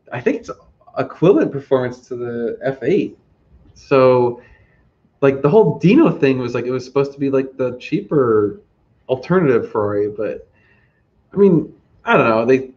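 A man, hosting a casual livestream chat and rambling with lots of fillers. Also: medium pitch. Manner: relaxed, rambling with many fillers. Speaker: host. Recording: slightly dull lo-fi audio.

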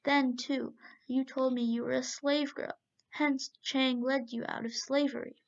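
A woman reading the lines of a gentle young man who speaks in a soothing, earnest way in a storybook tale. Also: high-pitched, level tone, a little slow, vocal fry. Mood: kindly. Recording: muffled lo-fi recording.

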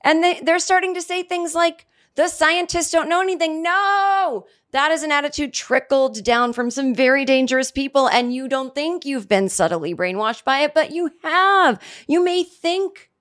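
A woman in her forties hosting a comedy podcast, talking in a rambling, sarcastic monologue full of restarts, jumping up in pitch for mock quotes. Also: normal speed, few pauses, fairly bright tone. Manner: rambling, sarcastic, self-interrupting, with many restarts. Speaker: podcast host.

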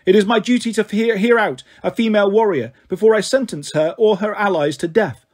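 A man's voice: high-pitched, a little fast, voice pushed up. A man voicing a proud, cold woman warrior queen in a storybook reading, commanding and icy.

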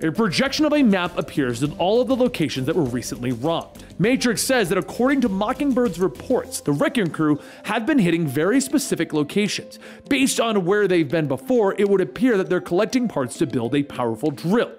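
A man narrating a comic book story recap with brisk, animated storytelling. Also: high-pitched, soft background music.

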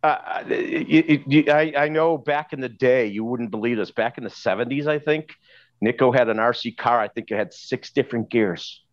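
A man's voice: medium pitch, normal speed, no room sound. A man co-hosting a casual live chat, talking in loose, rambling anecdotes full of restarts. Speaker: co-host on a live stream. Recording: dull dry sound.

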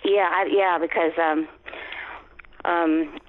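A woman in her fifties, a guest actress, telling stories in a chatty, animated way and acting out quoted lines. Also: lowish voice, takes it slowly, noisy background. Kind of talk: casual interview storytelling. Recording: tinny phone line.

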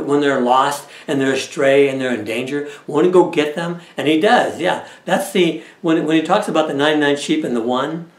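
A man teaching a Bible study lesson in a conversational way, often checking in with his listeners. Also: mid-range voice. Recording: echoey room.

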